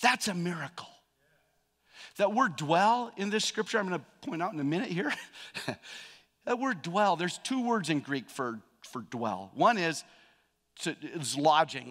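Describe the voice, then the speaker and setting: A male pastor preaching a sermon in a church, swinging from loud emphatic peaks to hushed, personal storytelling. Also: fairly high pitch, lively intonation, moderate pace. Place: church sanctuary. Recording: long reverb of a large hall.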